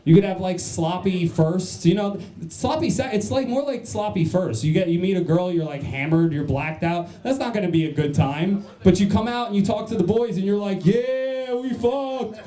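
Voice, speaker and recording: A man from New Jersey works a comedy club crowd with crude, self-mocking jokes and quick jabs at the audience. His voice sits a little high and has a mellow, unforced tone. The stage mic picks up the echoey room around him. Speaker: stand-up comedian. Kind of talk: stand-up set.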